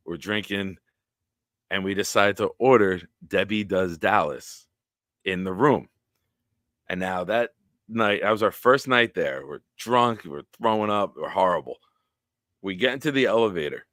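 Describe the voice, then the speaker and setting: A man hosting a casual live-stream chat, telling stories and acting out other people's lines loudly. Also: sits low, no echo, clean studio sound. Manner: animated storyteller, acts out quotes loudly. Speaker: podcast host.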